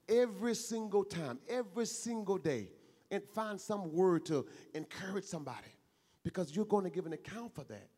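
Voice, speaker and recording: A man's voice: high voice, animated, moderate pace, warm tone, husky. A man preaching an earnest, conversational sermon, repeating phrases and acting out everyday dialogue. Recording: long hall reverb.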